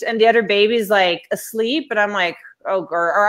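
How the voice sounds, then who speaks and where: A woman guest in a casual interview, telling stories in an animated way and acting out quoted voices. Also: medium pitch, brisk, hardly any pauses. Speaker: interview guest, coach and speaker.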